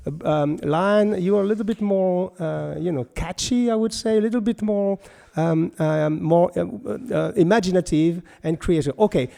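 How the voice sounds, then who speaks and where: Gravelly, mellow-voiced male host. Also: high voice, normal speed, hardly any pauses. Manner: enthusiastic, meandering, many fillers. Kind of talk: casual interview chat.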